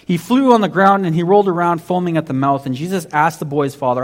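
Conversational male preacher, slightly high voice. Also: fast. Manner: conversational preaching, many restarts and "basically". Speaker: pastor. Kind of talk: sermon.

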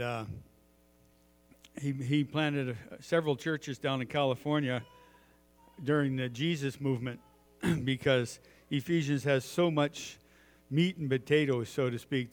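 Folksy man preaching in a reverberant hall. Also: mid-range voice. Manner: folksy storytelling with many filler "uh"s. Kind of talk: sermon.

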